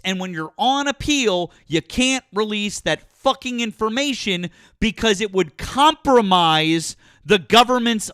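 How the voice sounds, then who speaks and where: A man's voice: high voice, bright, forceful tone, no echo, studio quality. A man hosting a call-in political talk show, berating a caller with profanity and repeating his demands.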